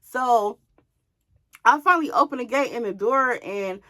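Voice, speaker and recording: Lady doing a storytime vlog, kinda high voice, animated, talks right to the viewers. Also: measured pace. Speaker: vlogger telling a personal story. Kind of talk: casual storytime.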